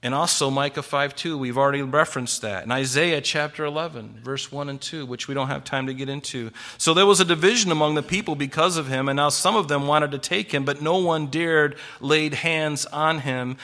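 A man preaching an expository sermon, animated and full of rhetorical questions. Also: a little high, fairly quick, hardly any pauses. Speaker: pastor.

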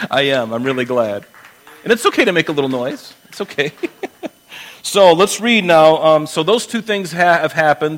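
A man preaching a sermon and reading scripture aloud, conversational and emphatic, dropping low and quiet to stress a point. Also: low-quality recording. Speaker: pastor.

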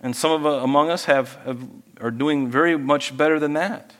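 A man preaching a sermon as pastor, lively and animated, acting out people he quotes. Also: normal speed, long reverb tail. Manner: animated, acts out quoted people in higher voices.

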